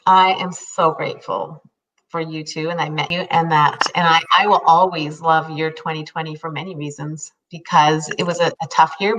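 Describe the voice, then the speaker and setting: Older woman co-host, animated storyteller, voice a bit distant from the mic. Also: fairly low pitch. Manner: animated storytelling, acting out her own inner voice. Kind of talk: live video chat.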